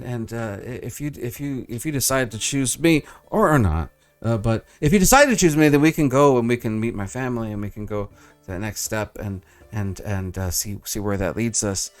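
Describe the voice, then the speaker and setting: A man's voice: mid-range voice, normal speed, faint music behind, pitched below the performer's own voice, natural voice. A man voicing an awkward, eager young male suitor who stammers and rambles. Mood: rambling.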